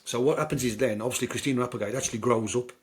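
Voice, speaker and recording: A man's voice: medium pitch, very fast. Chatty British man rambling about films. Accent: British English. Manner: rambling, chatty storytelling with many fillers. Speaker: podcast host. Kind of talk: casual film chat.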